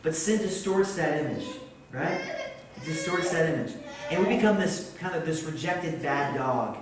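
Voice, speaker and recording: A man preaching a sermon, telling a story that builds to excited shouts. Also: on the high side, normal speed, noisy background. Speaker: pastor. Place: church sanctuary. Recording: echoey church hall from far off.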